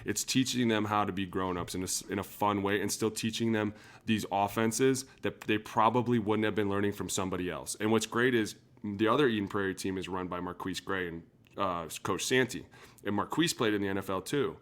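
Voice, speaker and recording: A man, a former pro football player, chatting on a podcast and telling lively stories with acted-out quotes. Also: lowish voice, a little fast. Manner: animated storyteller, acts out quotes. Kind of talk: casual podcast chat.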